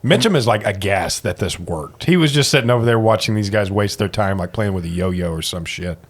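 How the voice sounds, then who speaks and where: A man's voice: fairly low pitch, expressive, fairly quick. A man playing a tabletop game in loose, profane, joking chat. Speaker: player.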